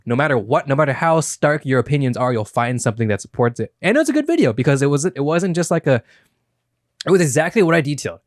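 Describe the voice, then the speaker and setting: A young man co-hosting a casual podcast talks fast and animatedly in a voice on the high side, swearing freely and doing mock YouTuber voices. He uses a studio microphone with headphones, and there's no room sound.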